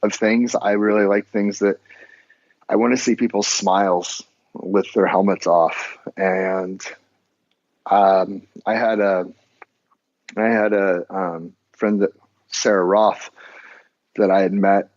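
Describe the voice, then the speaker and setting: Low-voiced male guest, casual and rambling, lo-fi muffled audio. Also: steady tone, slow pace, pauses often, a little mellow. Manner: rambling, loose, full of "like" and restarts. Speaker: podcast guest, business owner. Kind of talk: casual conversation. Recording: dull lo-fi audio.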